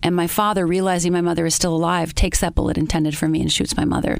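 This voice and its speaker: A woman interview guest telling her personal story in an earnest, halting way, with many pauses. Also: on the low side, flat delivery, creaky, no room sound.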